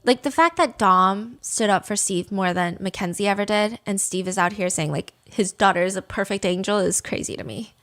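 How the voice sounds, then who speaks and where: A woman's voice: mid-range voice, moderate pace, hardly any pauses, a bit bright. A woman hosting a podcast, telling a story in a casual, sarcastic, profane way. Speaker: podcast host. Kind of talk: casual true-crime storytelling.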